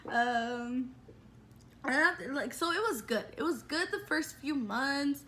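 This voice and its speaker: A woman in her twenties, a vlogger telling a personal story in a chatty, animated way with lots of fillers. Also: high-pitched, a little slow. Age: 20s. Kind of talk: casual storytelling.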